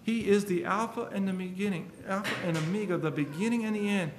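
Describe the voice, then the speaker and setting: A man's voice: sits high, fast talker, roomy sound, background noise. A man preaching a sermon, earnest and emphatic, quoting scripture at length.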